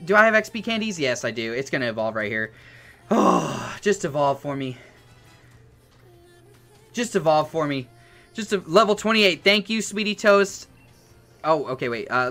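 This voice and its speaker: A young man streaming a game, yelling and cursing with joy, his voice hoarse from shouting. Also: high-pitched. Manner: ecstatic shouting, cursing, repeated yells of yes. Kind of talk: live-stream game reaction.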